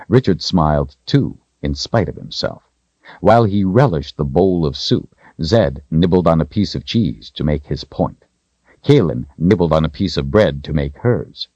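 A man reading a story aloud as an audiobook narrator, in expressive storytelling. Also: very deep voice, breathy edge, dry recording, dull audio. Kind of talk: scripted narration.

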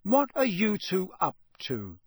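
A man voicing a sharp, shrewd middle-aged mother who scolds her sons, raised well above his own voice. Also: fairly high pitch, big pitch swings, a little fast, breathy edge, no echo, clean studio sound, heavily acted.

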